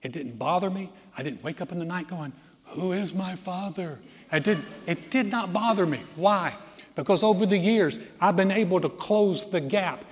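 A man's voice: high-pitched, lively intonation, moderate pace. A man in his sixties preaching a sermon, emphatic, building through rising lists and telling stories with humorous asides. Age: 60s. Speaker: pastor. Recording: long hall reverb.

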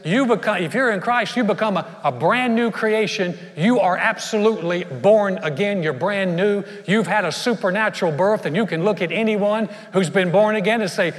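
A man preaching from the pulpit, his somewhat high voice rising in loud, emphatic bursts and then dropping to a hush. The sound carries a long, ringing reverb, as if caught in a large church sanctuary. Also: normal speed, hardly any pauses. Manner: emphatic preaching, swinging between loud bursts and hushed lines. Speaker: pastor. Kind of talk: sermon.

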